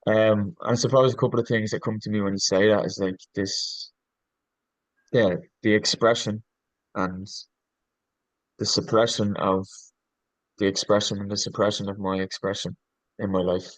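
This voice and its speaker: A man's voice: lowish voice, level tone, normal speed, long pauses, no echo, rough recording. A man, a coach on a podcast, talking reflectively and earnestly, often restarting his sentences and searching for words with ums. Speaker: podcast guest, leadership coach.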